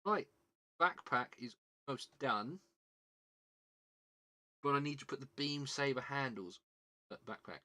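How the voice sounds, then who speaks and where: Guy chatting to his stream while building a kit, bright clear voice, easygoing. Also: medium pitch, lively intonation, measured pace, long pauses. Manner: chatty, thinking aloud and greeting chat viewers. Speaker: livestream host. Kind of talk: casual chat while building a model kit.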